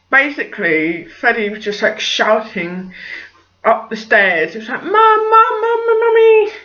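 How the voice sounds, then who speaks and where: Young mum, chatty vlog delivery, bright tone, muffled home-recorded sound. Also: female voice, mid-range voice. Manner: chatty and rambling, full of "like" and "just". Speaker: parenting vlogger. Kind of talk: casual vlog chat.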